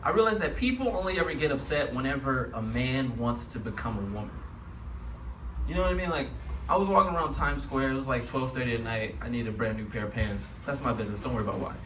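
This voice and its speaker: A man's voice: mid-range voice, animated, fast. A man doing a stand-up set, loose and chatty, laughing at his own jokes. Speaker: stand-up comedian. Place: comedy club stage. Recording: roomy club, distant mic, crowd noise.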